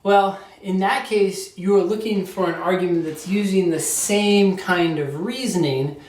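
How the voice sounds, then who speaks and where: A man's voice: high-pitched, darkish tone. Guy explaining logic questions, chatty lecture, mic kinda far off, echoey room. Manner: conversational, often checks in with "right?". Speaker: test prep teacher. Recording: roomy echo, distant mic.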